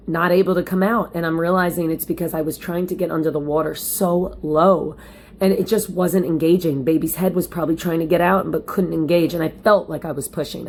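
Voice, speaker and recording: A woman vlogger with an alto voice tells a personal story at home, chatty and animated, speaking straight to her viewers. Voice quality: low alto voice. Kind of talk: casual personal storytelling to camera. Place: at home, lit by window light.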